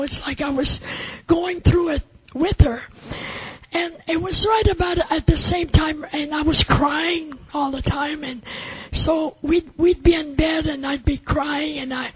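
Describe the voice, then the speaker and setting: Older woman, earnest testimony, halting delivery, high-pitched. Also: no room sound, rough recording. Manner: halting, earnest storytelling with many restarts. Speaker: testimony speaker. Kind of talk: personal faith testimony.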